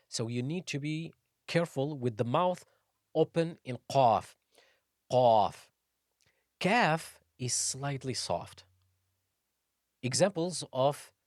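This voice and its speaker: A man's voice: mid-range voice, no echo, studio quality. A man teaching the pronunciation of Arabic letters, explaining each sound patiently and repeating it several times, with recited examples. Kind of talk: slow instructional explanation with Quran recitation.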